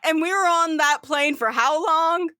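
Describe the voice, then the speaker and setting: A woman's voice: very high-pitched, a little slow, sharp tone, dry recording, studio quality. A woman running a tabletop game as game master, narrating casually and teasing her players with frequent laughs.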